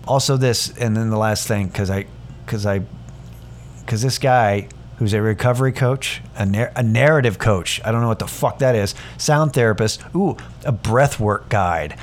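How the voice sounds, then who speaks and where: A man's voice: lowish voice, moderate pace. Sarcastic, swearing podcast man. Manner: sarcastic, profane, rambling with restarts. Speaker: podcast host. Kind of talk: casual ranting monologue.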